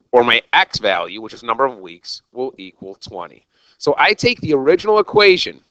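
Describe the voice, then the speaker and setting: A man's voice: mid-range voice, bright, forceful tone, no room sound, low-quality recording. A man teaching a recorded algebra lesson, talking straight to his students in an exuberant, jokey, self-mocking way. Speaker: math teacher.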